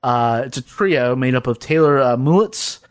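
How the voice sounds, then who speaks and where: A man's voice: mid-range voice, animated, moderate pace, smooth. A man hosting a podcast in a basement, talking casually in a rambling way with frequent swearing and laughs. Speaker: podcast host. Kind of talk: casual chat.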